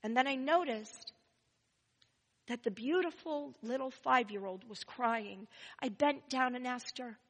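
A woman telling a first-person story, expressive and swinging between loud and hushed. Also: sits high, unhurried, big-room sound, poor audio.

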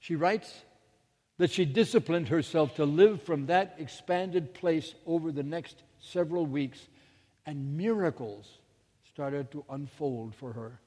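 Male minister, slow dramatic sermon storytelling, long hall reverb. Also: on the high side, mellow. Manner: dramatic storytelling with sudden drops to near-whispers.

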